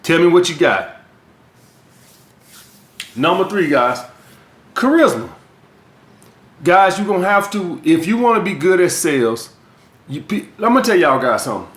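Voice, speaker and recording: A man's voice: high voice, very animated, measured pace, pauses often. A man from the US South with a Southern accent, giving blunt, profane dating and sales advice as a coach in a vlog monologue. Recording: echoey room.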